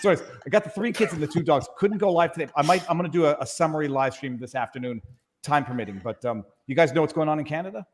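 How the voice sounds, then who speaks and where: A man appears as a guest YouTube lawyer in a casual live-stream panel chat, joking and rambling through asides. His voice is on the high side and he races along, with a big-room sound to the audio.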